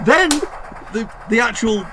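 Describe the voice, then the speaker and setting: A man's voice: extremely high pitch, expressive, unhurried, background noise. A man enthusing about a film in casual conversation, rambling with restarts and laughs.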